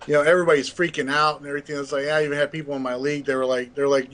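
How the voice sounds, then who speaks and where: A man's voice: a little high, level tone, racing, few pauses, a bit bright. A middle-aged man co-hosting a gaming podcast, telling stories in a rambling, laid-back way with lots of fillers. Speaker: podcast co-host. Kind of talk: casual gaming podcast chat.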